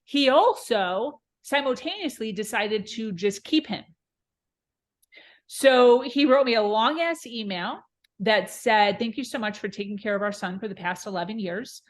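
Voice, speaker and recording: A woman's voice: a little high, expressive, measured pace. Woman telling a candid personal story. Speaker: podcast guest.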